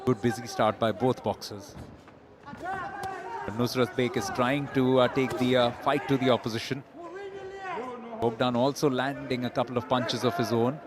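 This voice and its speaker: A man commentating live on a boxing bout, giving measured, analytical play-by-play. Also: mid-range voice, expressive, crowd noise.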